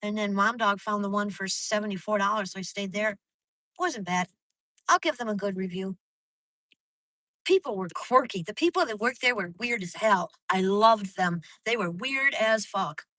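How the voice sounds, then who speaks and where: Bright-voiced woman venting while driving. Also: mid-range voice, moderate pace, dry recording, low-quality recording. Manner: venting, profane, rambling. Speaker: vlogger live-streaming to viewers. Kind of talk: casual live-stream chat while driving. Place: in a car at night on a highway.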